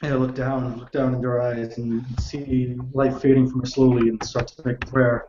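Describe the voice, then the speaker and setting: A man's voice: mid-range voice, little pitch movement, moderate pace, few pauses, background noise. A man playing a tabletop game, describing his character's actions hesitantly, often restarting. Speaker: player. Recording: echoey, muffled lo-fi room.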